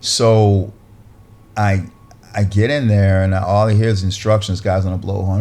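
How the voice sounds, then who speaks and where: A man, a podcast guest who works as an actor and director, telling a lively anecdote and acting out other people's lines. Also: a little slow. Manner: lively, acts out other people's lines with big pitch jumps. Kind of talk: animated storytelling anecdote.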